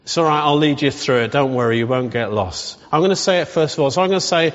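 Man, preacher, gentle and reassuring, long echo of a hall, slightly dull sound. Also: on the high side. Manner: gentle, reassuring, slows down for read-aloud prayers. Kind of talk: leading a congregation in blessing and prayer.

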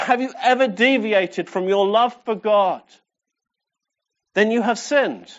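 A man's voice: sits high, takes it slowly, fairly bright tone, highs cut off. A man preaching a sermon with passion, repeating phrases and asking the congregation questions. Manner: impassioned, rhetorical questions and repetition.

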